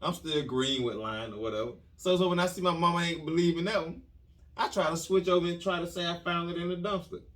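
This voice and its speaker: An animated man telling a comic story, full of slang and repeated phrases. His voice sits a little high for a man. The recording catches him from a little way off the mic. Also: fast talker, recorded from a distance. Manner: lively, repetitive, restarts phrases with slang. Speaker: podcast host telling a story.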